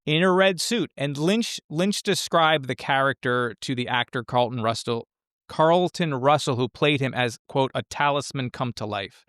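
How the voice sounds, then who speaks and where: A man co-hosting a podcast, chatting casually and enthusiastically about a film, rambling with quick restarts. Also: medium pitch, fairly bright tone, no echo, clean studio sound. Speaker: podcast co-host.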